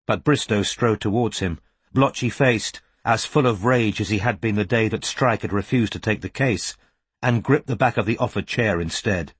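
A man reads an audiobook in a calm, measured voice that slows at quiet moments. His tone is slightly husky, and the recording is dry and close. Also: fairly low pitch, dry recording. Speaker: audiobook narrator. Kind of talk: scripted narration.

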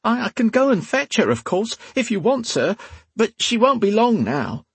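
A jittery young serving girl, put on by a man reading a story, pitched up high with a thin, whiny edge. She stammers and stumbles over her words. The sound is dry and close. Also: big pitch swings, moderate pace, creaky, slightly rough, dry recording, exaggerated voice. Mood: nervous, pleading.

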